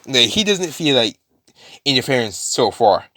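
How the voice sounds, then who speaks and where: A man's voice: medium pitch, expressive, normal speed, a bit bright, no echo, clean studio sound. A man casually retelling a fan-made story, rambling with many fillers and restarts.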